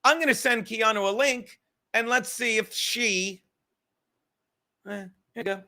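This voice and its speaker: This livestream podcast host talks in a high, bright voice, unhurried and pausing often. He meanders loosely at a desk mic, swearing freely and trading jokes with the chat.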